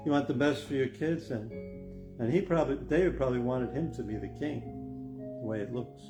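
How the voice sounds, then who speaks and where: With guitar music playing in the background, an older pastor delivers a sermon at a fairly quick pace. His mid-range voice sounds earnest and reflective before it rises to emphatic stress.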